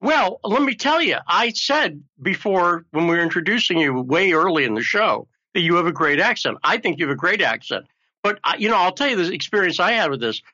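A male talk show host rambling along in a joking, chatty way. His voice sits a bit high and sounds bright and forward. The audio is somewhat muffled and lo-fi. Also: big pitch swings, fairly quick. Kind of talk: casual talk show chat.

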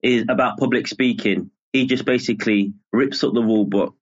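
A man with a Birmingham accent speaks as an interview guest, calm and measured. His voice sits at a middling pitch. The audio is muffled and lo-fi. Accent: Birmingham English. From Birmingham, England. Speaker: journalist guest. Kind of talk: casual interview.

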